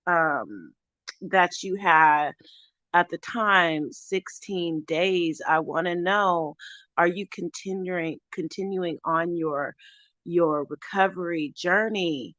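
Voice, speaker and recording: A woman's voice: on the low side, takes it slowly, fairly bright tone, dry recording. A woman hosting her recovery channel in a casual livestream chat, earnest and heartfelt, often restarting her sentences.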